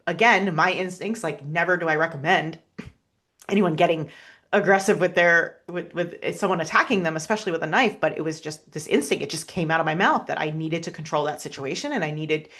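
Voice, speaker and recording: A woman, a podcast guest, telling a personal story in an earnest, halting way, with many restarts and fillers. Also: low voice, a bit bright.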